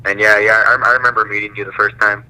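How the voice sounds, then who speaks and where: Soft-spoken man with a bright, flat voice. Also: on the low side, fast, low-quality recording. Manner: soft-spoken, humble, a little shy. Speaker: boxing champion guest. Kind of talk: casual interview answers.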